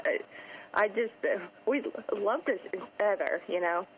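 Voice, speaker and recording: A woman's voice: mid-range voice, animated, crowd noise. Hesitant woman caller on a muffled line. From Pittsburgh area, US. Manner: hesitant, emotional, short halting replies. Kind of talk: phone call-in conversation. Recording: dull muffled phone-in line.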